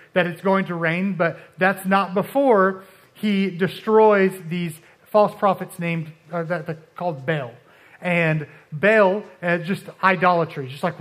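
A young man preaching a casual sermon, talking in a halting, conversational way with many restarts and fillers, and acting out Bible figures in quick asides. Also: high-pitched, a bit bright.

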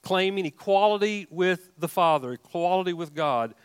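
A man delivers a sermon in a high-pitched voice, pressing his points with rising, emphatic questions and stumbling restarts. The sound is dry and close, with no room around it. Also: animated, moderate pace, clear, resonant tone, no echo. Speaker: pastor.

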